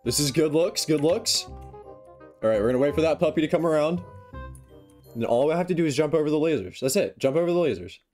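A young man giving excitable, self-mocking commentary while playing a game, with yelps when he fails. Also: a little high, brisk. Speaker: gaming YouTuber. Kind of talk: casual gameplay commentary. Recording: faint music behind.

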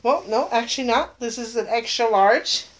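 A woman's voice: fairly high pitch, moderate pace. A middle-aged woman talking casually in an unboxing vlog, gushing and emotional, close to tears. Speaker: vlogger.

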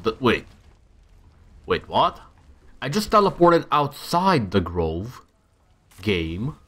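A young male gamer narrates his own let's-play in a casual way, talking to himself and breaking into exasperated outbursts. His mid-range voice has a sing-song lilt, a fairly bright tone, and a slow pace.

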